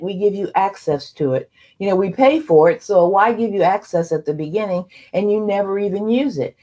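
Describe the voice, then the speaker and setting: A woman's voice: mid-range voice, darkish tone, breathy edge. Woman presenter, program leader, loose chatty delivery full of fillers, slightly dull audio. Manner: conversational, many fillers and restarts. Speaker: program leader addressing trainees. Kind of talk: onboarding presentation.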